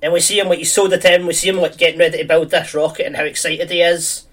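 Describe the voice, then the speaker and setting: A man's voice: on the high side, steady tone, fast talker, a bit bright, far from the mic. A man chatting casually, rambling through a film plot with lots of fillers and restarts.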